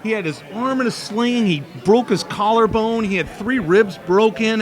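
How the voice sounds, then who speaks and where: At an outdoor expo, a middle-aged former steeplechaser is interviewed casually and tells stories, often using fillers and restarting his sentences. His voice is high and his pace is normal.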